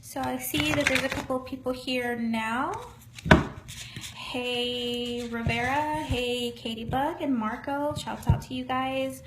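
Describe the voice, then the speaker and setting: High-pitched lady psychic doing a casual live reading online, earnest and encouraging, folksy. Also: steady tone, takes it slowly, heavy background noise. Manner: earnest, encouraging, folksy, calls listeners honey. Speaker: psychic medium.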